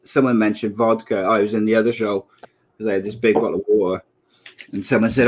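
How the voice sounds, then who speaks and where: A man's voice: on the low side, little pitch movement, fast talker, background noise. A man in his late thirties co-hosting a podcast in casual chat, joking around and laughing often. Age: 30s. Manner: laughs often, jokey banter. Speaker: podcast co-host.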